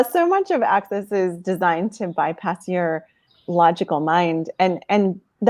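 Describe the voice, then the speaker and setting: Excited lady guest on a chat stream, laughs a lot, dry close sound. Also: no echo. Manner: enthusiastic, bursts into high laughter. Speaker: guest facilitator. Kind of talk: casual livestream chat.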